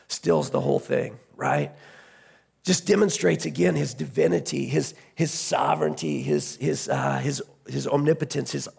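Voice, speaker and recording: Gravelly, husky pastor preaching casually. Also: male voice, a little high. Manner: conversational storytelling with repeated restarts. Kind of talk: sermon.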